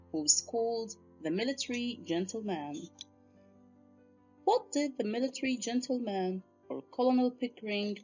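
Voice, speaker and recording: A woman teacher narrating a recorded literature lesson, speaking deliberately and addressing her students directly. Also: fairly high pitch, a little mellow, muffled recording.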